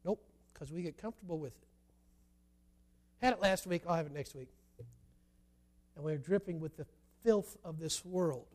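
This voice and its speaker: A preacher with a high voice tells a story in a sermon. He builds to loud, emphatic bursts, then drops to quiet, confiding asides. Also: normal speed, long pauses. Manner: animated, shifts between loud emphatic and quiet.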